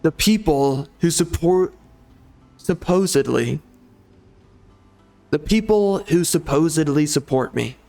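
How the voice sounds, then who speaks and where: A frustrated man rants over his gameplay, swearing often and stumbling through restarts. His voice sits somewhat high for a man, with faint music underneath. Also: lively intonation, gravelly, mellow. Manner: angry, profane, halting restarts. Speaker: gaming channel host and author.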